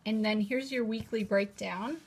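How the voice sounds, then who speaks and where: A woman's voice: medium pitch, moderate pace, slightly rough. A woman hosting a casual live-stream showcase of new planners, gushing and chatty as she repeats how cute each page is. She sits at a table, speaking to a camera in a holder. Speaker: host presenting new planners. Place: indoors at a table at home.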